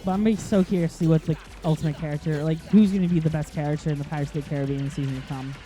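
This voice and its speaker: A man's voice: fairly high pitch, fairly even intonation, racing, mellow, faint music behind. A man hosting a casual let's-play commentary, rambling and chatty, easily sidetracked, filling gaps with lots of ums. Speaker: gaming channel host.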